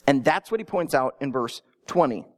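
A pastor preaching a sermon, telling it with animated storytelling and acting out imagined listeners, with small stammers. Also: mid-range voice, moderate pace. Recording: long reverb in a large hall.

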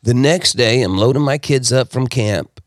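A man from South Texas, telling his personal story as a podcast guest in an emphatic, animated way. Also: mid-range voice, moderate pace, dry recording, clean studio sound.

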